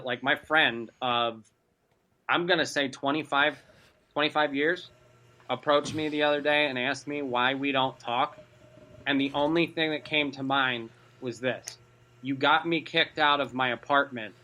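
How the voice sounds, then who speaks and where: A man's voice: medium pitch, bright, forceful tone, low-quality recording. A man in a casual podcast group chat, talking in a rambling way with many fillers.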